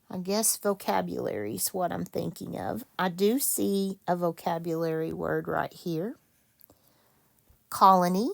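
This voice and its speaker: A woman teacher leading a reading lesson for children, patient and quick to correct herself. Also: on the low side, creaky. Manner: slow, patient, self-correcting.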